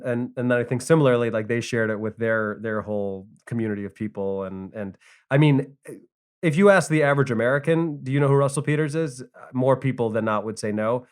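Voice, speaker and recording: A man, a guest stand-up comedian, talking casually on a podcast with many fillers and restarts. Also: fairly low pitch.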